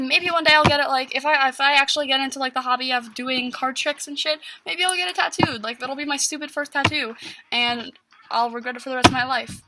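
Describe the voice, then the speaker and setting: A woman's voice: sits high, bright, forceful tone, slight background noise, poor audio. A teenage girl vlogging a casual story at home, rambling with lots of fillers. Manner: rambling, filler-heavy with constant "like".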